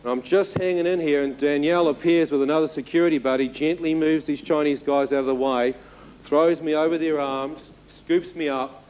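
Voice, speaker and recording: A man's voice: on the high side, steady tone, normal speed, darkish tone, clean tone, rough recording. A man in his thirties giving a spoken testimony to an audience, telling his story vividly and turning to the listeners with asides. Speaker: testimony speaker.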